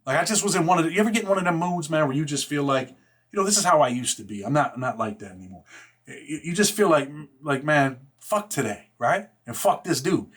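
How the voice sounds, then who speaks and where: A man casually telling a personal story in rough street slang, blunt and profane, filling every pause with "man" and "right?". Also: fairly high pitch, lively intonation, fairly bright tone.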